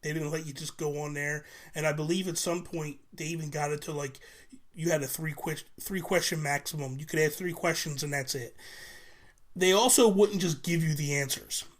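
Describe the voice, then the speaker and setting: A man's voice: on the high side, fairly even intonation, normal speed. A man in his forties, a podcast guest in casual chat, telling stories animatedly and swearing freely. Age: 40s.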